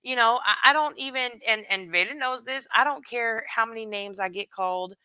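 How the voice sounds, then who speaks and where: A woman's voice: on the high side, brisk, smooth, no echo. Blunt, profane streaming woman. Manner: blunt, profane, animated, greeting chat by name. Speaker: live streamer. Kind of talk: casual livestream chat.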